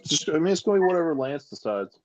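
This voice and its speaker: A man's voice: fairly high pitch, sing-song, quick pace, a crowd in the background. A man co-hosting a podcast, chatting casually and teasing the guest with follow-up questions. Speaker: podcast co-host.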